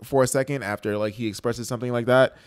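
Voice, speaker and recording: A man in his thirties hosting a podcast, talking bluntly and profanely in casual banter, getting loud when he argues. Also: mid-range voice, fairly even intonation, quick pace, smooth, no room sound, studio quality. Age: 30s. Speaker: podcast host.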